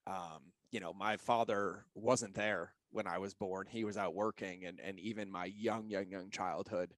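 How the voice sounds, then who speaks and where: A man's voice: low-pitched, fairly even intonation, unhurried, no room sound. A man speaking as a podcast guest, earnest and open as he shares personal stories with feeling. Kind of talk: candid interview talk.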